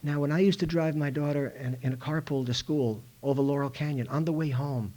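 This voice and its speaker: A man's voice: a little high, steady tone, fairly quick, darkish tone. A middle-aged man speaking at a recovery meeting in a school room, telling a story to a live audience and acting out other people's lines.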